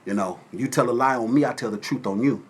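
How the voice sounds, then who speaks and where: A man from Atlanta, Georgia, hosting a casual livestream from his phone at home and shouting out viewers by name. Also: medium pitch, fast, breathy edge. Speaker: livestream host. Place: at home with windows open.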